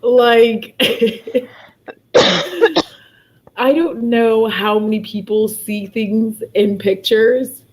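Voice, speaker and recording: A woman hosting a relaxed livestream from home, her voice sitting on the higher side. She talks slowly and unhurriedly, and her sentences keep dissolving into helpless giggles. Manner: laughs helplessly, breaks into giggles. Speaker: livestream host. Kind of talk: casual livestream chat.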